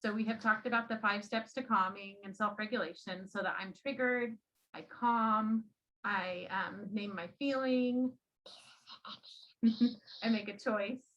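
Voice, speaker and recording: A woman who trains teachers, giving a classroom demonstration and gently coaching a child as she explains. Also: mid-range voice, fairly even intonation, a little slow, lo-fi sound.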